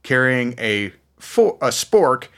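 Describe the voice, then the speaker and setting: A man's voice: medium pitch, very animated, fairly bright tone. Casting: man co-hosting a beer chat, talks his way through explanations, many ums and restarts. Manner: explanatory, halting with fillers and restarts. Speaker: beer podcast co-host. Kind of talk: casual chat.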